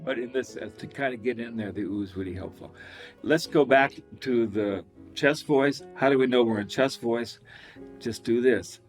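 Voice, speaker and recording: Lively male vocal coach. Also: moderate pace, faint music behind. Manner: animated, demonstrates with high falsetto whoops and laughs. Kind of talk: singing lesson with sung demonstrations.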